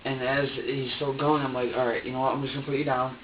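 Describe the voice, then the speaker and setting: A man being questioned by police, talking haltingly with many repeats, his voice often sinking low. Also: little pitch movement, recorded from a distance. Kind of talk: recorded police interview. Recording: dull echoey room recording from afar, faint hiss.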